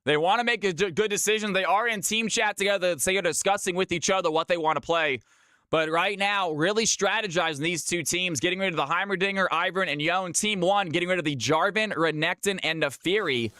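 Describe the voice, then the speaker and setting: A man from California casts a video game match live on stream, keeping up an upbeat, chatty play-by-play and talking straight to his chat. His voice sits high and fairly quick, pushed and bright, with a dry studio-quality recording.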